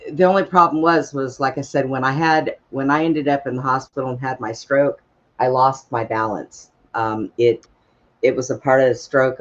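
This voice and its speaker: A man spins casual personal stories in a blunt, folksy way, swearing easily and laughing at his own tales. His voice sits in an ordinary middle register. The sound is dull and lo-fi, like an online call. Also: medium pitch. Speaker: open mic storyteller.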